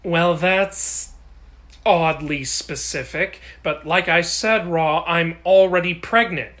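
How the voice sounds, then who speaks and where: A man's voice: a little high, takes it slowly, voice pushed down. A man voicing an exasperated pregnant young goddess who talks back sarcastically, in a comedy sketch. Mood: sarcastic. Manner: sarcastic, deadpan.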